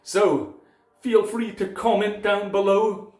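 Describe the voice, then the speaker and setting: A man gives advice to his video viewers in an unhurried, explanatory way, sometimes restarting a phrase. His voice sits slightly high and the room rings with echo. Soft music plays faintly behind him. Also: fairly even intonation. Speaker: YouTube presenter. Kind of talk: casual advice talk to camera.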